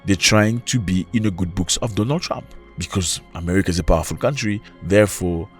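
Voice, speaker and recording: A man's voice: deep voice, fairly quick, faint music behind. A man from Africa giving impassioned opinion commentary, firing off rhetorical questions to his viewers.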